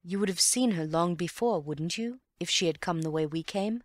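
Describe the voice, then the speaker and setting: Woman reading calm wry gentleman sleuth, unhurried teasing reasoning, lowish voice, dry sound. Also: no echo, lightly acted. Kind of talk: audiobook character voice.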